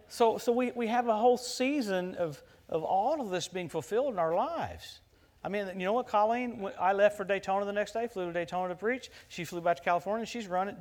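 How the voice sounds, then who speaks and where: A middle-aged American man preaching to a congregation. His voice sits a bit high for a man, and he tells his stories in an animated way, growing loud when he reaches the punchlines. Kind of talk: sermon with personal story.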